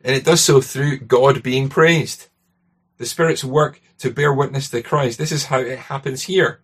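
A man's voice: mid-range voice, fairly even intonation, unhurried, a bit bright, husky. A man with a Scottish accent preaching a sermon in a conversational way, often tagging his points with rhetorical questions.

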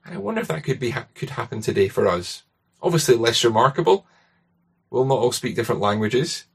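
A man's voice: mid-range voice, sing-song, a little fast, vocal fry, breathy edge. A man with a Scottish accent preaching a sermon in a conversational way, often tagging his points with rhetorical questions.

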